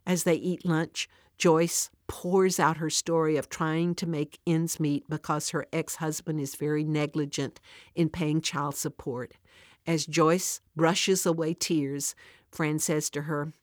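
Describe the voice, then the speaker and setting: Earnest low-voiced woman devotional speaker. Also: flat delivery, takes it slowly, no room sound, studio quality. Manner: earnest, direct address to listener. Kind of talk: devotional storytelling and teaching.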